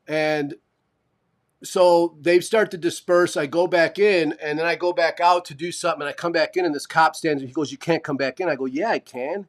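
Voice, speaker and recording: Here a man with a voice on the high side, speaking at normal speed, co-hosts a podcast live stream. Telling a long story in casual conversation, he's animated and profane, mimicking the people whose words he repeats.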